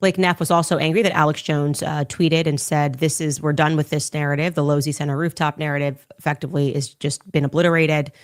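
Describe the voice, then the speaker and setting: A woman's voice: low-pitched, fairly even intonation, brisk, few pauses. A woman commentator reading posts aloud and answering them in a pointed, incredulous manner, played as a clip.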